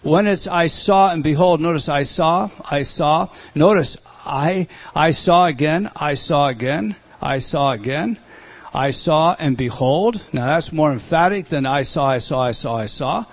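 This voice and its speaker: A middle-aged man leads a Bible study lecture in a slightly raised voice. He talks slowly and deliberately and doubles up his words to stress a point. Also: a little high. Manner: slow, deliberate, repeats words for emphasis. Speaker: Bible teacher.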